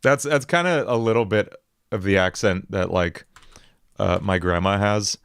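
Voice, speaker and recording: A man with a slight New York accent chatting casually on a livestream, animated and playful, often breaking into odd vocal noises. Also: on the low side, normal speed, vocal fry, clean tone, no room sound. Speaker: music streamer.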